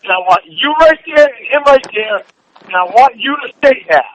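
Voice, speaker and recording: A man with a strikingly high voice rants down a dull, muffled phone line. He is furious, swears nonstop and barks demands. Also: lively intonation, normal speed, fairly bright tone. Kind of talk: heated phone call.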